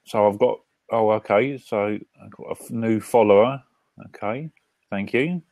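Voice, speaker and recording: A man with a British accent hosting a casual live-stream chat from his front room, talking in a halting way with restarts and fillers. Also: fairly low pitch, a little mellow, dry recording. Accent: British English. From Britain. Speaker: host.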